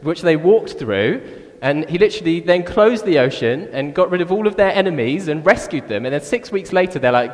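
A man preaching a sermon in a relaxed, chatty way, often saying "like" and "actually". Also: on the high side, fairly quick. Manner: conversational, animated, with frequent "like" and "actually". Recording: reverberant church hall.

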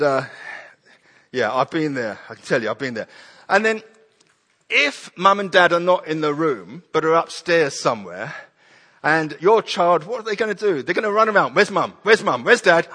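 A man's voice: fairly high pitch, a bit bright, in a large hall. A man preaching a sermon, animatedly acting out prayers and children's voices.

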